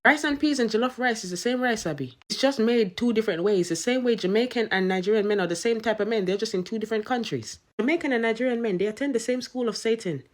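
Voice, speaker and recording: A woman's voice: on the high side, quick pace, hardly any pauses. A young woman doing comedic rants and mock courtroom sentencings with an exasperated, sarcastic delivery. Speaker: comedy content creator.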